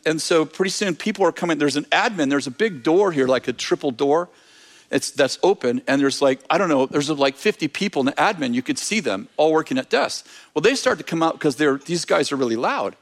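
Male preacher, somewhat high voice, animated storyteller, trips over his words. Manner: animated, with frequent restarts and fillers. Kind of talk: storytelling testimony.

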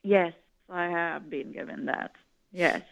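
A woman's voice: on the low side, fairly even intonation, slow, creaky, clear, resonant tone. A woman from Italy, a guest advising governments, talking in a rambling way with many "you know" fillers. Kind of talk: conversational interview. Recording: tinny phone-like line.

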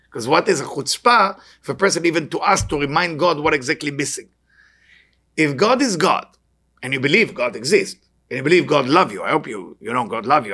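A man's voice: mid-range voice, fairly bright tone, husky. A man giving a spiritual lecture to an audience, earnest and questioning, often repeating short phrases. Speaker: Kabbalah teacher.

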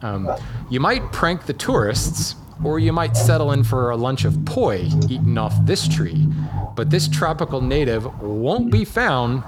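A man's voice: mid-range voice, very animated, unhurried, over loud music. A man from Hawaii hosting a casual podcast, playfully reading out tree riddles as quizmaster. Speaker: podcast host running a tree trivia quiz.

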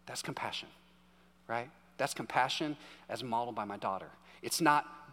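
In a hall with a long reverb, a pastor in his thirties delivers a sermon like a chatty story, constantly checking in with "right?". His voice is mid-range and fairly bright, moving at a normal speed.

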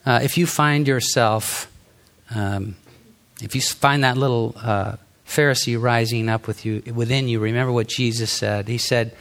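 A man's voice: medium pitch, fairly even intonation, normal speed, a bit bright. A middle-aged man preaching a sermon in an earnest, conversational way, with some fillers and restarts. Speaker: pastor.

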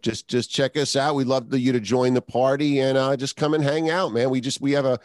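A man's voice: mid-range voice, steady tone, fairly quick, no room sound. A man guesting on a podcast, talking enthusiastically in casual chat, rambling with many restarts. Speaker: podcast guest, co-host of another show.

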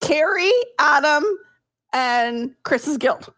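A woman co-hosting a casual gaming podcast, teasing with quick comebacks. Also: high-pitched, pushed and bright. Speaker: podcast co-host.

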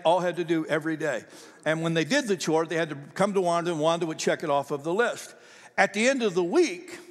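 An older man preaching a sermon in a conversational, animated storytelling way. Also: sits high, in a large hall. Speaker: pastor.

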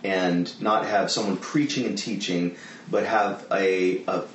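Low-voiced host guy a bit off mic, echoey room. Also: steady tone, distant mic, dull audio, a little hiss or hum. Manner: eager, affirming, quick to chime in. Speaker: host, interviewer. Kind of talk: conversational interview.

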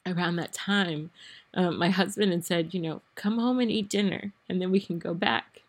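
A woman's voice: lowish voice, normal speed. A young adult woman hosting a podcast, telling a personal story in a rambling way with many fillers, her voice at times wavering with emotion. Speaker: podcast host.

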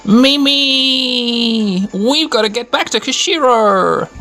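Woman voicing a high-pitched, helpful little bug creature from a game, clipped slangy speech. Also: takes it slowly, fairly bright tone, faint music behind. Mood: anxious.

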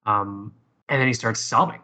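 A man's voice: lowish voice, normal speed, pushed and bright. A man telling a personal story in casual conversation, profane and rambling with many restarts.

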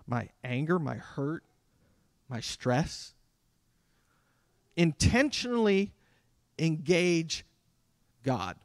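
A man delivering a sermon as a pastor, talking conversationally with dramatic pauses. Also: fairly high pitch, dry recording, clean studio sound. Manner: conversational preaching with dramatic pauses and acted quotes.

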